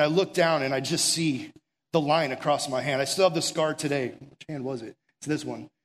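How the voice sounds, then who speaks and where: A pastor, a young adult man with a high voice, preaches a sermon with earnest urgency. He tells stories conversationally, using filler words, and drops into quiet, intimate stretches.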